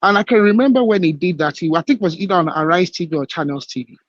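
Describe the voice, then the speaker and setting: A man with a fairly high voice makes his case emphatically, repeating points and stumbling over words. His voice comes through a dull, lo-fi phone-in line, dry and close. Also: animated, fast talker, dry recording. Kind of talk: live call-in debate.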